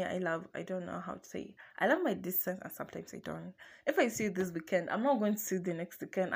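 A young woman casually telling a personal story to her viewers, chatty and animated, laughing often. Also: mid-range voice. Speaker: vlogger.

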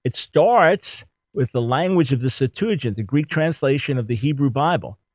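A man's voice: medium pitch, lively intonation, moderate pace, no room sound. Emphatic man teaching scripture, dry sound. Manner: emphatic, repeats words for stress. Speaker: Bible teacher. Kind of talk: theology teaching talk.

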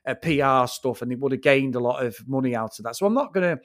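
A man's voice: mid-range voice, animated, fast talker, a bit bright. A man co-hosting a film review podcast, ranting bluntly and swearing freely in casual chat.

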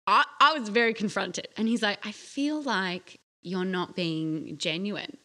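A bright, clear-toned woman in her thirties telling a story on a podcast. She acts out other people's lines in a dropped voice and goes animated in the telling. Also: a little slow. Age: 30s. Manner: animated storytelling, acting out quotes in a low voice. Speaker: podcast co-host. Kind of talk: casual chat.

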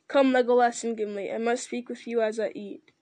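A woman voicing a noble, weary male ranger-king in a solemn, measured reading with small slips. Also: fairly high pitch, fairly even intonation, a little mellow, no room sound, close to an everyday voice.

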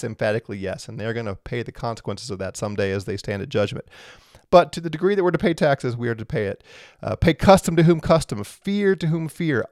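A man's voice: medium pitch, smooth, no room sound, clean studio sound. A man preaching a sermon, earnest and emphatic, often repeating his phrases as he presses a point.

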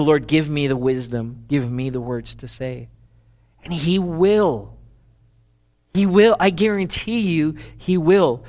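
A middle-aged man preaching a sermon, swinging between loud emphatic lines and low, quiet stretches. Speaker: pastor.

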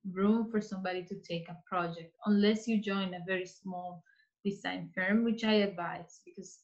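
Woman, earnest advice, restarts often, middle pitch, slightly dull recording. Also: fairly even intonation, moderate pace. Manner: earnest, speaks in restarts and repeats. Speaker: interior designer guest. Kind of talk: casual interview advice.

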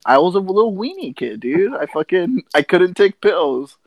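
A young man co-hosting a podcast in casual chat, animated and swearing as he tells stories. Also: sits high, moderate pace, dry recording. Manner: animated storyteller, swears a lot, laughs through stories. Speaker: podcast co-host.

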